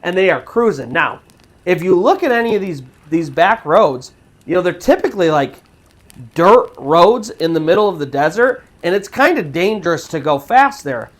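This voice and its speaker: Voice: mid-range voice, big pitch swings, moderate pace. A storytelling channel host narrating a true scary story in a casual, conversational way with fillers.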